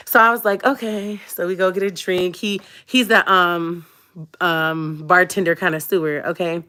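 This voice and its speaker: A woman's voice: fairly low pitch, unhurried, a bit bright. Young woman on a live, chatty storyteller, jokes with the chat a lot. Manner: chatty, joking asides to viewers, frequent laughs. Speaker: livestream host telling her story.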